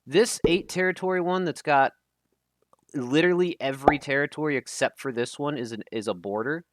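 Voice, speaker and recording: A man's voice: a little high, fairly quick, no echo. A man casting a live game tournament stream in a casual, chatty way, often stumbling over names. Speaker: tournament caster. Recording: loud background noise.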